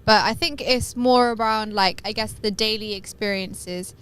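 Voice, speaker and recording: A woman's voice: mid-range voice, moderate pace, fairly bright tone, smooth. A woman co-hosting a casual podcast, talking with lots of hesitant fillers. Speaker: podcast co-host. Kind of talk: casual chat.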